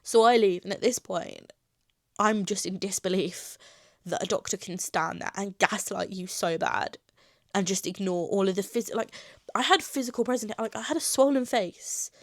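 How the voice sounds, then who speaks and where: A young woman telling a personal story, retelling conversations with doctors in an animated, upset way and close to tears at times. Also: medium pitch, moderate pace, no echo. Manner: animated retelling, acting out both sides of dialogue. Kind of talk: casual storytime vlog.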